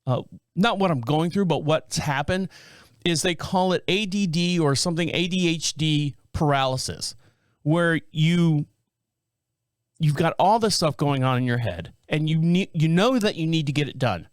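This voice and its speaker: A middle-aged man hosts his podcast in a casual, rambling monologue. He circles back, restarts his sentences and leans on fillers. His voice sits a little high and sounds dry and close on the microphone. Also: animated, moderate pace, no room sound. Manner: rambling, full of fillers and restarts, self-described scatterbrained. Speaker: podcast host.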